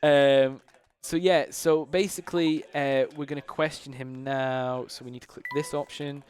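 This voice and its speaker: A man's voice: medium pitch, fairly even intonation, moderate pace, a little mellow, clear, resonant tone, no echo. A man from the United Kingdom giving casual live commentary on his own speedrun, explaining the game as he plays and using a lot of fillers.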